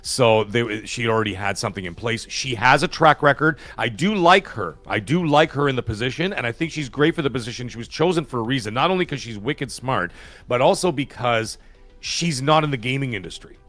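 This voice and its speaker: A man's voice: medium pitch, lively intonation, fairly quick, a bit bright, no room sound. A man with a Canadian accent, a guest commentator in a casual podcast discussion, talking in an opinionated, emphatic way with frequent self-corrections.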